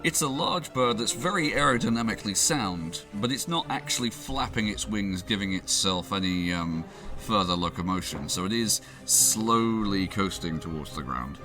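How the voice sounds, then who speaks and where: A man's voice: on the low side, animated, normal speed, few pauses, over music. A man narrating as game master of a tabletop game, rambling with many fillers and laughs.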